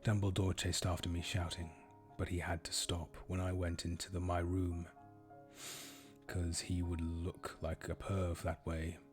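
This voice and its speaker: A man streaming himself reading fan fiction aloud in a deadpan, low-key way. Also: unhurried, soft background music. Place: home streaming setup.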